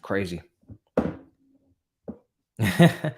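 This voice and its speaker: A young man hosting a live football watchalong, talking casually and breaking into excited exclamations. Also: fairly low pitch, moderate pace. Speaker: watchalong host. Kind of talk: live match watchalong commentary.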